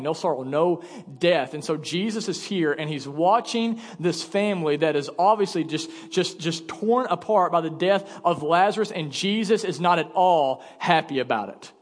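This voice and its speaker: A man's voice: a little high, in a large hall. A male pastor delivering a sermon in an emphatic, conversational way, speaking in a church sanctuary.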